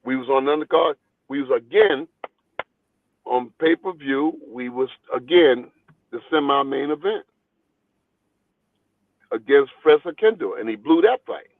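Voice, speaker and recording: A boxing trainer telling stories in a phone interview, talking in an animated, rambling way and repeating his words. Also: medium pitch, a little slow, pauses often. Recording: tinny phone line, dry.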